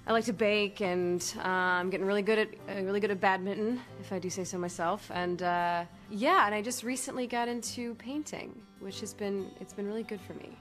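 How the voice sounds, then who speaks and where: A woman's voice: mid-range voice, steady tone, a little fast, hardly any pauses, natural voice. A woman acting out a once-famous man who climbed a mountain in a cauldron, now rambling awkwardly and putting on a brave face. The voice sits in an ordinary middle register, and faint music plays underneath, as in a comedy sketch. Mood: upbeat. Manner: awkward, rambling, trying to sound upbeat.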